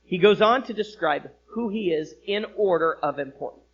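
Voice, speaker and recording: A man preaching a sermon as pastor, with expressive delivery that rises for emphasis and drops low. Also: moderate pace, breathy edge, lo-fi sound. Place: church sanctuary.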